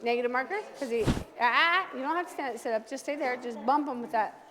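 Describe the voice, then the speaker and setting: A woman dog trainer leading a hands-on class, giving brisk, direct commands to owners and their dogs. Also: high-pitched, a bit bright. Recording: long reverb from a large room.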